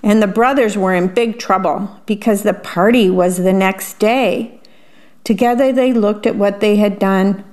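A woman reading a picture book aloud and pausing to describe the pictures in a chatty aside. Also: mid-range voice, fairly even intonation, a little mellow. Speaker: storyteller.

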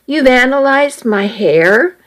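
A woman's voice: high voice, lively intonation, slow, a bit bright, voice pushed up, exaggerated voice, poor audio. A woman voicing an earnest teenage girl. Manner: earnest, sometimes impatient.

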